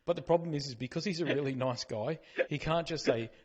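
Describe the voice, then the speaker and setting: A man's voice: a little high, fairly quick, crowd noise. A middle-aged man, co-hosting a casual podcast and ranting in a blunt, sweary way. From Australia. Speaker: podcast co-host. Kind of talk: casual chat.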